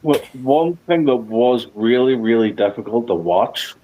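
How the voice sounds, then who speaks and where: A man co-hosting a casual football podcast, who deliberately slows his speech and talks carefully. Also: medium pitch, lively intonation, mellow, slight background noise, rough recording. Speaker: podcast co-host.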